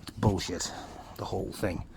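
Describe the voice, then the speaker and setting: A man's voice: low voice, fairly even intonation, normal speed, vocal fry, noisy background. A British man rambling bluntly through a profane political monologue outdoors by a bonfire, filming on a handheld camera. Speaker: political vlogger. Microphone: handheld phone camera.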